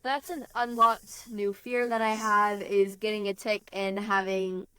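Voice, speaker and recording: A relaxed young woman co-hosts a casual podcast over a video call, agreeable and easygoing, with frequent fillers. Her voice sits at a middle pitch. The sound is dry and close, with no room echo. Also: a little slow, smooth. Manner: relaxed, agreeable, uses "like" often. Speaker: podcast co-host. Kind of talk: casual chat.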